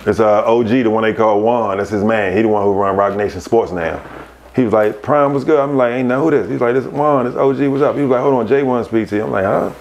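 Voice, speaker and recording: A man, a podcast guest, telling casual stories, animated and laughing as he acts out other people's voices. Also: on the low side. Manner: animated, laughs through his anecdotes. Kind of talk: casual storytelling.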